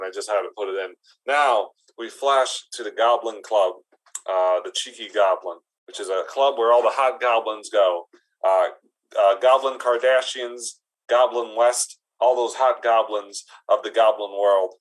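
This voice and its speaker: A man's voice: fairly low pitch, moderate pace, poor audio. A man setting up an improvised comedy scene as its narrator. He talks casually and playfully, stopping and restarting as he makes it up. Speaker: improv performer.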